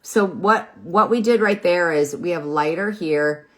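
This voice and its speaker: A woman's voice: on the low side, a little slow, fairly bright tone. A woman in her fifties hosting a live makeup tutorial, chatty and encouraging, rambling a little with fillers as she works on camera. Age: 50s. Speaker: makeup seller and host. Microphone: phone or webcam in front of her.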